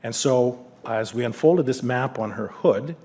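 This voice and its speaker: A middle-aged man speaks to a lecture audience in an earnest, conversational tone at an ordinary male pitch. He talks frankly and mixes reflection with storytelling. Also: unhurried, warm tone. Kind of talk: public lecture with anecdotes.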